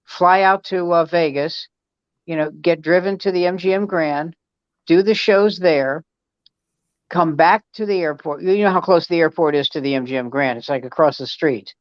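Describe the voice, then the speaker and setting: A man's voice: fairly high pitch, normal speed, clean tone, no room sound, highs cut off. An older male comedian hosting a casual chat, telling anecdotes and acting out the dialogue. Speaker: host, comedian.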